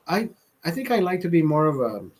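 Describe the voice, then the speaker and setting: A man's voice: a little high, big pitch swings, fairly quick, a little mellow, husky. A man hosting a casual livestream, rambling and swearing, laughing often as he talks to viewers. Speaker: livestream host.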